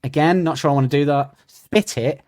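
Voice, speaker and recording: A man's voice: fairly high pitch, brisk, darkish tone, no room sound, clean studio sound. A man co-hosting a podcast, joking crudely and laughing often in casual chat. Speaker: podcast co-host.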